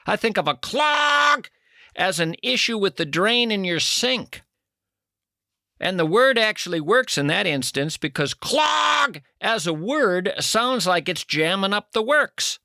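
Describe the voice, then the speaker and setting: Middle-aged guy doing a dry comic rant, high gravelly voice, dead dry sound. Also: takes it slowly, dry recording. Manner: wry, deadpan musing with sudden loud outbursts. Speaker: radio host. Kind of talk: comic monologue.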